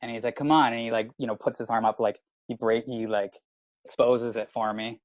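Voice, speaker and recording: A man's voice: mid-range voice, a little fast, dry recording, low-quality recording. A man in his thirties from Canada, a comedian telling a rowdy story in casual podcast chat, swearing and saying "like" constantly. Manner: animated, swearing, lots of filler "like". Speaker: comedian guest.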